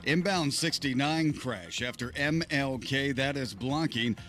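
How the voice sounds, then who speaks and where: A male radio traffic reporter reads crashes and delays in a quick, clipped rhythm. His voice sits at an ordinary middle pitch, with faint music underneath. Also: fairly bright tone. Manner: brisk, clipped, matter-of-fact.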